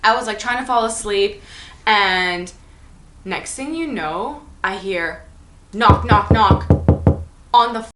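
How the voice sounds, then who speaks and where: A woman's voice: medium pitch, lively intonation, a little slow, bright, forceful tone, echoey room. A young woman chatting animatedly through a storytime vlog, full of fillers and acted-out dialogue. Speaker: vlogger.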